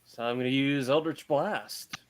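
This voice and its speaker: A man's voice: medium pitch, moderate pace. A man playing a tabletop game, hesitant and full of fillers. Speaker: player.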